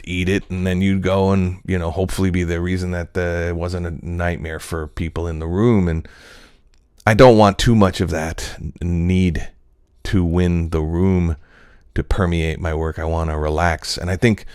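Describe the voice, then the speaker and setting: Male comedian-actor, very low voice, dry close sound; rambling, profane, thinking out loud. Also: level tone, moderate pace, smooth, dry recording. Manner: rambling, loose, profane, full of fillers. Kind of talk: casual reflective monologue.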